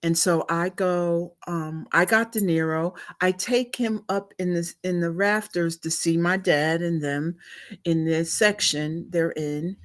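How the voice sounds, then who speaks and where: Slow-talking woman telling a story. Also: lowish voice. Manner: chatty, laughing, animated storytelling. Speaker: live stream host. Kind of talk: casual storytelling.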